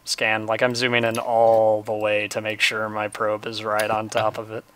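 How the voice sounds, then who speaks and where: A man's voice: on the low side, completely flat delivery, moderate pace, a bit bright, clear, resonant tone. Chatty man streaming a game. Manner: laughs often, chatty and self-mocking. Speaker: livestreamer. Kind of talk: casual gaming chat.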